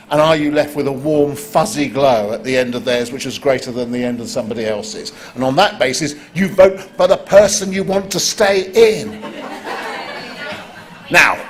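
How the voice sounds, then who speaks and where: A man hosting a live competition, joking wryly and bursting into excited exclamations. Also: medium pitch, slight background noise. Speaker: competition host. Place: conference stage before an audience.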